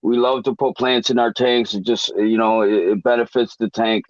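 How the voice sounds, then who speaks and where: A man's voice: mid-range voice, steady tone, moderate pace, dry recording, muffled recording. A man chatting casually on a podcast in an easygoing way, using many fillers.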